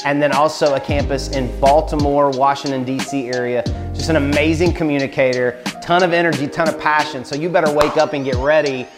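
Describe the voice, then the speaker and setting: A man's voice: on the high side, steady tone, fairly quick, hardly any pauses. A man from the hosting church enthusiastically introducing the next preacher. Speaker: church host introducing the speaker. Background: music.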